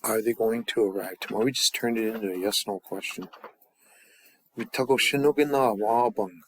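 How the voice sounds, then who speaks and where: A man teaching a language class in a casual way, drilling phrases slowly and chatting loosely between them. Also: on the low side, husky, no echo.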